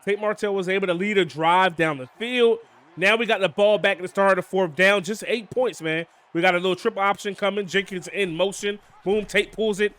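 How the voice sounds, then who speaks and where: A young man giving casual, excitable play-by-play commentary on his football video game, often calling out to "boys" and "man". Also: high voice, brisk. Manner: excitable, hypes big plays, keeps saying "boys" and "man". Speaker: gaming YouTuber.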